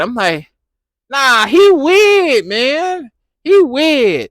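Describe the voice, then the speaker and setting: A man giving a casual, animated recap of a TV episode, laughing and repeating himself as he reacts. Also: extremely high pitch, slow, no room sound. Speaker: TV recap vlogger.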